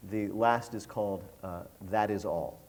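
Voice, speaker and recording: A man's voice: on the low side, a little slow, darkish tone. A man interviewing a guest on stage, asking questions in a wry, teasing way. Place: stage before a live audience.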